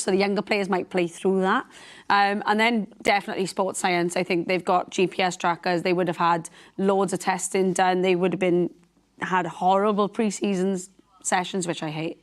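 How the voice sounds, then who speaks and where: A woman football pundit chatting casually, thinking aloud with many fillers. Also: lowish voice. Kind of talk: casual chat.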